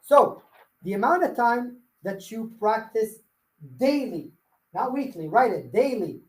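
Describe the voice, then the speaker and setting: A man's voice: high-pitched, lively intonation, unhurried, reverberant, poor audio. A man leading a live sales coaching workshop, blunt and firing rhetorical questions at his audience. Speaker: real estate sales trainer.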